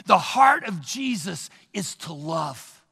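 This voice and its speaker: A man preaching a sermon, asking the congregation rhetorical questions and telling a story dramatically, swinging between loud and hushed. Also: high-pitched, very animated, slow, gravelly, breathy edge. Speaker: pastor. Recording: long reverb of a large hall.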